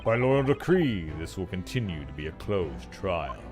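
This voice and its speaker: Stern old chief justice, voiced by a man, deep, measured, with soundtrack under him. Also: very animated, music in the background. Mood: solemn. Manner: grave, measured, formal. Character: stern older male chief justice, commanding.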